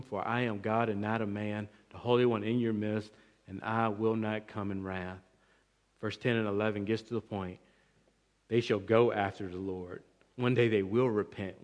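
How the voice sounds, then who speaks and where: A man preaching an expository sermon, emphatic, with swings between loud and quiet passages. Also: lowish voice. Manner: emphatic, rising and falling in volume, restarts words. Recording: long reverb of a large hall.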